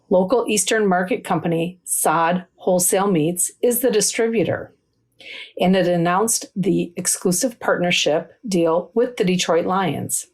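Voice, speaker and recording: A woman food writer reading a scripted news story in a steady, even manner. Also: on the low side.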